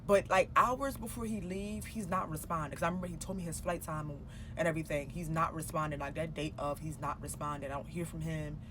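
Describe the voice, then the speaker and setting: A woman's voice: sits low, fairly even intonation, fairly quick, hardly any pauses, noisy background. A woman telling a personal story in a casual storytime vlog. She swears freely and acts out her own past dialogue as she goes. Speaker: storytime vlogger.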